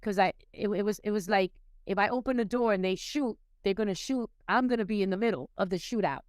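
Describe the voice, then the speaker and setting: Her medium-pitched voice moves fast as this woman, a New York City podcast guest, shares a frank and emotional account of her recovery. She restarts and repeats words frequently. No echo is present.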